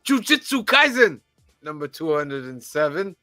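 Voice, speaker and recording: A man hosting a casual podcast, reading titles off a list in a measured, deadpan way with wry asides. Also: fairly high pitch, dry recording, faint music behind. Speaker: podcast host reading the weekly release list.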